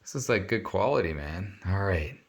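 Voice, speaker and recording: A man hosting his own channel, talking excitedly and emotionally to viewers while he unboxes an award. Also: low-pitched, moderate pace. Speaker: sports channel host. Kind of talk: casual unboxing vlog.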